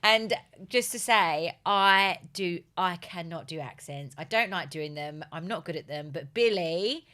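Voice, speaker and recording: Young woman, podcast co-host, bright voice, animated chatty storytelling. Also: on the low side, a little slow, few pauses. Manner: animated storyteller, lots of fillers like "like". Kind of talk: casual chat.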